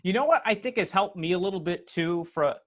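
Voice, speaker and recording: Man, upstate New York accent, slightly high voice, chatty teacher-host, storytelling, video call, lapel mic. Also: expressive, fairly quick, a bit bright. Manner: chatty, tells stories and explains history. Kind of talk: casual chat.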